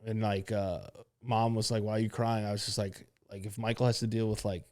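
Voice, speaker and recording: A man's voice: fairly low pitch, level tone, brisk, a little mellow. A young man co-hosting a podcast in casual chat, asking curious questions with a sympathetic tone. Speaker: podcast co-host.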